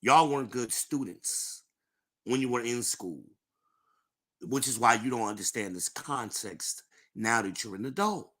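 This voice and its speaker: Podcast host, man, middle-aged; slow, lecturing delivery, bright tone. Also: mid-range voice, animated. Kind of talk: live-streamed podcast monologue.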